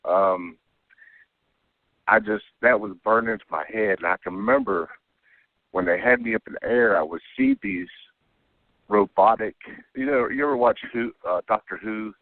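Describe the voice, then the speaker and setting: Low-voiced man telling a story over a phone line. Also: normal speed, long pauses, dry recording. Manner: rambling, keeps adding "okay?". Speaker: caller telling an alien abduction story. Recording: tinny dry phone line.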